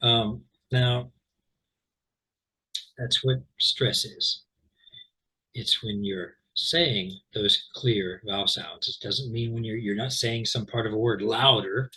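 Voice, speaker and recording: Slow and lowish, this man's husky voice sounds pushed and bright through poor recording quality. Teaching English pronunciation online informally, he patiently explains, rambles with fillers and restarts, and keeps asking "okay?".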